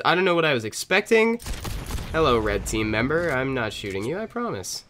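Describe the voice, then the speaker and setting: A man's voice: a little high, big pitch swings, a little fast, fairly bright tone, a little hiss or hum. A young man with a stuffy nose from a cold, giving casual gameplay commentary and chatting at the game and other players.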